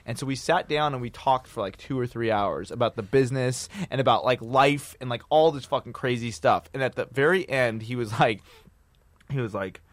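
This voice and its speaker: A man's voice: mid-range voice, moderate pace, no room sound. A man in his forties telling a long casual story, profane and full of "dude" and "like". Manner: profane, peppers talk with "dude" and "like". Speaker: podcast guest storyteller.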